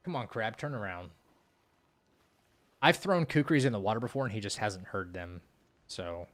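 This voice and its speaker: A young man streaming a game who rambles through stories, laughs often, and mutters quietly to the game in between. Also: fairly low pitch, lively intonation, normal speed. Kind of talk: casual live-stream chat.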